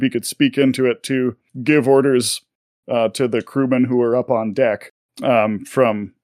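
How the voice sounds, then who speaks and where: A man's voice: medium pitch, darkish tone, no room sound. Dry-voiced male game master. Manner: chatty, explains at length with fillers. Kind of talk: narrating a tabletop game.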